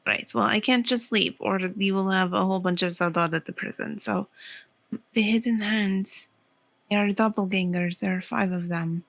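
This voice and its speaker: A woman's voice: medium pitch, steady tone, normal speed, creaky, fairly bright tone. A woman player speaking in character in a tabletop game, earnest and thinking aloud as she pleads her case. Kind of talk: in-character tabletop role-play.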